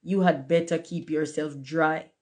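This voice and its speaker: A woman's voice: low voice, steady tone, unhurried, very noisy. A woman voicing a blunt, sensible Roman candle firework in a storybook reading, matter-of-fact.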